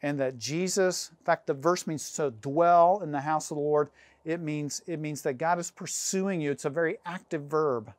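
A man preaching a sermon as pastor, earnest and measured, slowing down and pausing to stress key phrases. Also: fairly high pitch, no echo.

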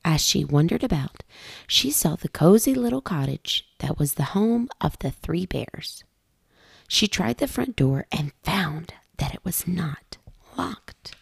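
A woman, a mother, reading a children's storybook aloud with a gentle, lively storytelling cadence, close and dry. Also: lowish voice, gravelly, breathy edge, no room sound.

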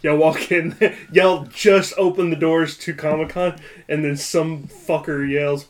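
A man on a podcast who teases his co-hosts with quick comebacks. His voice sits a little higher than most men's, and his delivery is easy and playful. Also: flat delivery. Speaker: podcast co-host. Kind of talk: casual podcast banter.

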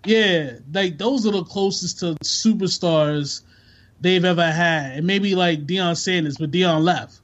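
With a high-pitched voice and no rush at all, a man rambles casually about sports on a podcast, where he's a co-host. He's laid-back and full of slang, and the recording has a dull, lo-fi quality.

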